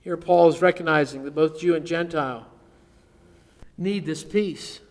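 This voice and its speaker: A man's voice: on the high side, moderate pace, long reverb tail. A male pastor preaching a sermon. He is emphatic and drops to near-whispers on key words.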